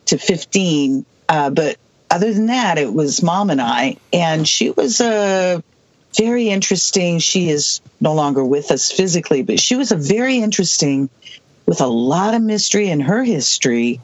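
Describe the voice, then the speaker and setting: Sixties, from the Southwest, stop-start storytelling, steady pitch, muffled dry recording. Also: no room sound. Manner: halting, many restarts and asides. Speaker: guest. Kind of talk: rambling personal storytelling.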